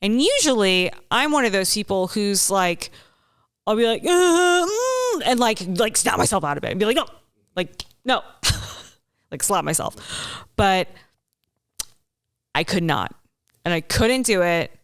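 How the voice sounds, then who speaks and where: A woman's voice: medium pitch, lively intonation, measured pace, long pauses, a bit bright, clean tone, no room sound, clean studio sound. A young woman hosting a podcast, telling a personal story in a candid, rambling way, swearing freely and acting out her own thoughts. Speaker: podcast host.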